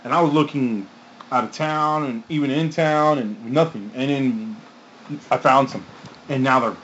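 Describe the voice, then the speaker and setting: A man's voice: mid-range voice, measured pace, fairly bright tone. A man co-hosting a casual podcast, laid-back, jokey and swearing casually. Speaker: podcast co-host. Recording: dull lo-fi sound with faint room noise.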